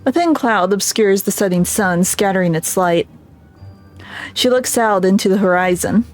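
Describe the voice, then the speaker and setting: A woman's voice: mid-range voice, moderate pace, soft background music. A woman streamer reading a game's story aloud, breaking off for chatty asides. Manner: narrating, with chatty asides and laughs.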